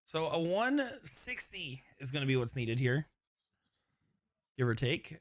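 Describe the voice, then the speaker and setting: Chatty laughing darts commentator, dry sound. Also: male voice, mid-range voice, very animated, a little slow, no room sound. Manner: rambling, laughs often, self-interrupting. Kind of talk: live sports commentary, casual banter.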